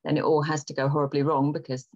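A British woman author being interviewed over a video call, expressive and laughing often. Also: sits low, fast talker, muffled recording. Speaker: author guest.

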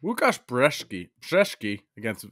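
A man's voice: medium pitch, very animated, a little slow, sharp tone, no room sound, clean studio sound. A man co-hosting a casual sports podcast, goofy and fond of putting on silly accents. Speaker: podcast co-host. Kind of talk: casual sports betting chat.

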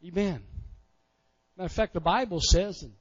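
A man preaching in a church, his voice high for a man, and he keeps saying amen in a folksy way as he builds up to loud points. The recording is dull and muffled, with long reverb from the sanctuary. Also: normal speed, husky. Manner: folksy preaching with frequent amens, swelling loud on key phrases. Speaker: pastor. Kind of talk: sermon.

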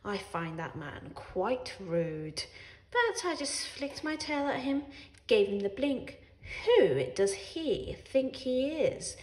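A woman reading a children's book aloud as a sardonic, wry cat narrator, expressive and laughing along. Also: on the high side, slow pace. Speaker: storyteller. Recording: roomy echo.

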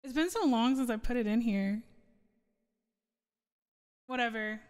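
A woman's voice: fairly high pitch, a little slow, darkish tone, smooth, in a large hall. A woman streamer chatting casually with viewers between song requests, rambling and laughing often. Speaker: streamer and singer.

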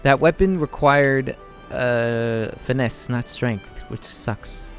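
A man's voice: medium pitch, slow, faint music behind. A young man casually commenting on a video game he plays, reading dialogue choices aloud and laughing often. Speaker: let's play host.

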